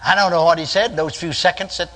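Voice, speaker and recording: An older man preaching a sermon, telling a folksy story that climbs into emphatic shouts. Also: fairly high pitch, fairly even intonation, quick pace, low-quality recording.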